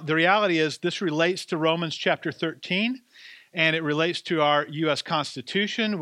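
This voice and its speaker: A man's voice: on the high side, bright, forceful tone, dry recording. A man preaching a sermon as pastor, with a conversational, self-deprecating way of telling stories.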